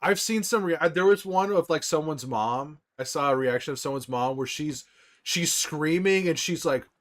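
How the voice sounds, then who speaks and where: A man livestreaming casually to his viewers, rambling excitedly with frequent restarts and laughs. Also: a little high, moderate pace. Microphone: desktop microphone.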